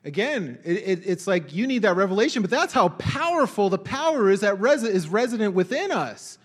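A man's voice: high voice, fairly quick. A young man preaching a sermon, reading scripture aloud and exclaiming in wonder as he questions his listeners. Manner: animated, exclaims and asks the congregation questions.

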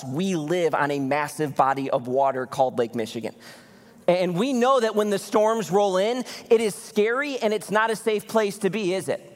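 A male pastor preaching a conversational, animated sermon, often acting out the voices of people in the story. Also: high-pitched, in a large hall. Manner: animated, conversational, acts out voices in Bible stories. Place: church.

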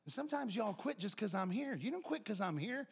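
A middle-aged man preaching a sermon, animated and telling family stories. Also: high-pitched, fairly quick, creaky, slightly rough. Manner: animated, acts out family members' voices. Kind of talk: sermon with storytelling.

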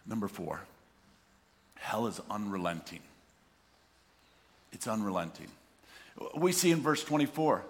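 A middle-aged man preaching a sermon, animated, acting out the voices of people talking to God. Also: on the low side, a little slow, pauses often. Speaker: pastor. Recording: reverberant hall.

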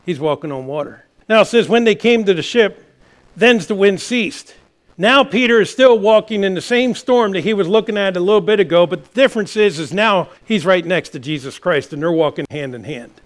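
Impassioned high-voiced preacher. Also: male voice, brisk. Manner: impassioned preaching, rising to shouts. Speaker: pastor. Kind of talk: sermon.

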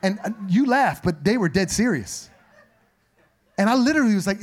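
A middle-aged man preaches a sermon in a high, slightly raspy voice. He tells stories in a loose, conversational way, full of playful asides to the congregation. His pitch sits noticeably above most men's. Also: normal speed. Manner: conversational, humorous, animated asides. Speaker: pastor. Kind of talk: sermon with storytelling.

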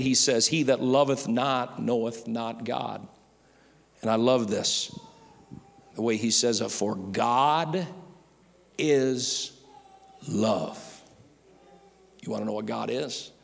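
A man preaching a sermon as pastor, swinging from loud, emphatic calls down to soft, hushed near-whispers. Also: lowish voice, vocal fry, long reverb tail.

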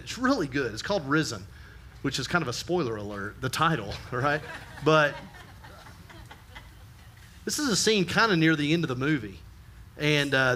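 Bright, high-voiced preacher man with a lilt. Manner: earnest, swings from loud emphasis to hushed storytelling. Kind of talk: sermon.

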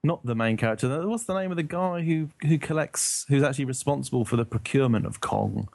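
Male co-host, gravelly voice, dry close mic, rambling conversational delivery. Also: mid-range voice, quick pace, darkish tone, no echo. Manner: rambling, searching for words, laughing. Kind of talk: casual chat.

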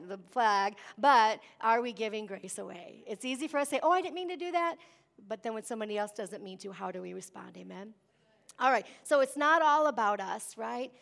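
A woman preaching a sermon, lively and emphatic, often asking the congregation "amen?". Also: on the high side. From Wisconsin. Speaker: pastor.

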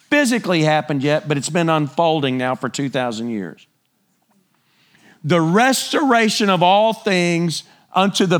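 A middle-aged man preaching a sermon, animated, his voice climbing higher when he gets excited.

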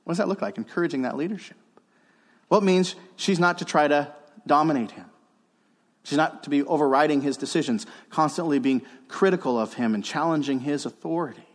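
A man's voice: on the high side, fairly quick, in a large hall. A man preaching a sermon as pastor, earnest and emphatic, repeating key phrases to drive them home. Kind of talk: expository sermon.

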